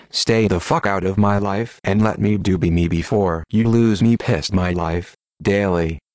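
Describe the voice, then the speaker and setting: Deep robotic dude voice reading posts flat, spells stuff out letter by letter, totally dry sound. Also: male voice, no room sound. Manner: monotone, spells out links letter by letter. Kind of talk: rapid automated read-out of short posts.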